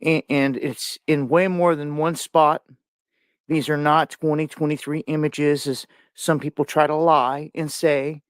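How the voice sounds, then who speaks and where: A man's voice: on the high side, little pitch movement, unhurried, no echo, clean studio sound. A man commenting over a screen share, pointing things out in a conspiratorial way.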